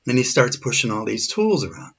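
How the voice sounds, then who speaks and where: A man's voice: medium pitch, sing-song, fairly quick, vocal fry, a bit bright, breathy edge. Man, forties, personal story narration, shaken and earnest, dull lo-fi sound. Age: 40s. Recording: dull lo-fi recording.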